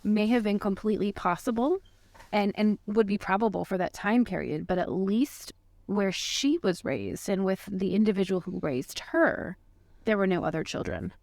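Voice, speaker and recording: A woman co-hosting a podcast, telling a made-up case in a mock-serious, deadpan way. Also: medium pitch, moderate pace, no echo, clean studio sound. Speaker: podcast co-host presenting a case. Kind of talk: casual podcast chat.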